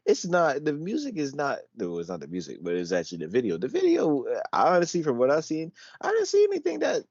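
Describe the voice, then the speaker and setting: A man's voice: a little high, fast, dry recording, dull audio. A man co-hosting a casual podcast, arguing his point with energy and sometimes reading lines aloud. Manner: animated, argumentative, reads lyrics aloud. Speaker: podcast co-host.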